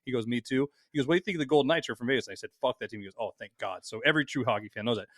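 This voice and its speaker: A man co-hosting a podcast, telling stories in loud, heated rants with heavy swearing. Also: mid-range voice, very fast, no echo, studio quality. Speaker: podcast co-host. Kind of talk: casual podcast banter.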